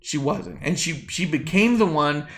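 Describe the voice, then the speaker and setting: A man with a fairly high voice co-hosts a casual wrestling chat over drinks. He is animated and profane, and now and then he drops into silly put-on voices. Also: unhurried, vocal fry. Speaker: podcast co-host.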